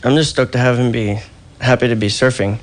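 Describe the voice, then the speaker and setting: A man's voice: mid-range voice, fairly even intonation, brisk. A middle-aged man, a surfboard shaper, chatting casually as a radio guest and laughing easily. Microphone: phone line.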